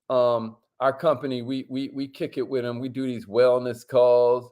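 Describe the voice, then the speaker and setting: A man hosting a casual livestream, lively and slangy, calling out to viewers and sometimes dropping his voice low to make a point. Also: moderate pace, few pauses. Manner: lively, hypes up viewers and reads their comments; drops to a near whisper to make a point. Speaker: host.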